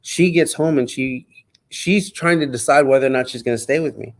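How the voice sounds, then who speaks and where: A middle-aged man casually telling a personal story, animated and quoting others as he goes. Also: medium pitch, a little fast. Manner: animated, acts out quotes. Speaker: guest.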